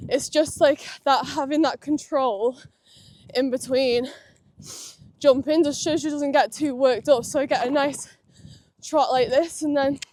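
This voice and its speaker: Riding in an outdoor arena at a stable yard, this young woman vlogger talks at a measured pace in a high, slightly mellow voice with fairly even intonation. Her commentary is chatty and full of compliments for her horse.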